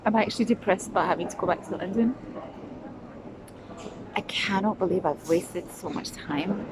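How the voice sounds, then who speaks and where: A woman's voice: mid-range voice, normal speed. A middle-aged woman from the UK, chatting casually to her phone camera as a travel vlogger, rambling and talking to herself between laughs. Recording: noisy outdoor recording with traffic.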